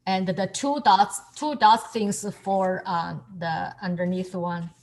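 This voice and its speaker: A woman's medium-pitched, darkish voice moves slowly as she teaches calligraphy and Chinese over a video call. Patient and encouraging, she repeats each word with her student.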